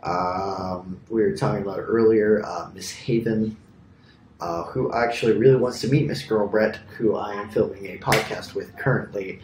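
A man's voice: fairly low pitch, fairly even intonation, moderate pace, darkish tone, a little hiss or hum. A young man co-hosting a casual podcast, telling a rambling story full of fillers and asides. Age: young adult. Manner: rambling, filler-heavy, laughs at own stories. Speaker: podcast co-host. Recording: echoey room.

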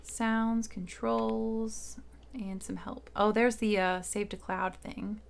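A woman streamer commenting casually on her gameplay, thinking out loud with small hesitations. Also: mid-range voice, level tone, slow pace, creaky. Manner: thinking aloud, chatty with hesitations. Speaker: game streamer. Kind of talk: casual let's-play commentary. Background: faint game music.

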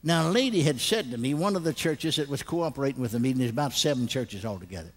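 An older man preaching a sermon, telling stories animatedly and bursting into loud acted laughter. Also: mid-range voice, animated, quick pace.

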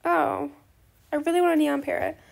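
A woman's voice: sits high, level tone, moderate pace, gravelly. A woman chatting casually while playing a game, rambling and peppering her talk with slang like bestie and slay, often apologizing and gushing at other players. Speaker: gaming video creator.

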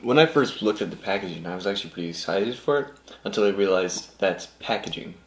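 Giggly low-voiced man, lively pitch. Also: fast, slight background noise. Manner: giggly, reacts with surprise. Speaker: co-host. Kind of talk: casual taste-test chat. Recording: echoey room.

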